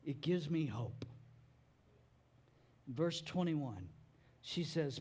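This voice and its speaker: A man's voice: on the high side, big pitch swings, takes it slowly, long pauses. A man, a father, preaching a sermon in a chatty, conversational way, repeating words as he builds each point. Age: adult father. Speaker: pastor.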